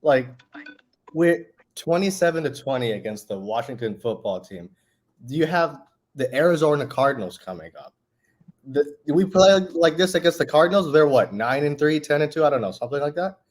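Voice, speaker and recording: A man's voice: fairly high pitch, expressive, a little fast. A man on a casual sports talk panel, frustrated, talking with plenty of fillers.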